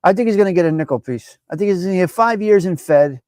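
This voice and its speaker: A man hosting a casual live-stream chat, brash, profane and animated as he talks back at viewers by name. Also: high-pitched, fast talker, no room sound. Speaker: live show host.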